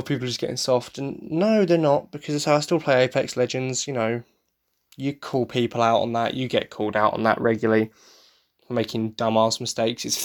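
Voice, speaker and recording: A young man from the UK chats on his podcast in a loose, rambling way. He sounds tired, swears freely and breaks into laughs between points. His voice sits at an ordinary middle pitch. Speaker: podcast host. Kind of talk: casual solo chat.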